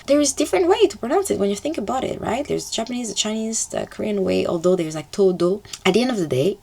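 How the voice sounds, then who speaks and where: Woman, gravelly voice, animated pitch, chatty vlog advice. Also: fast. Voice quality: chatty, loose grammar, fillers like "like" and "poof". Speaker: language learning vlogger. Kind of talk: casual advice to camera.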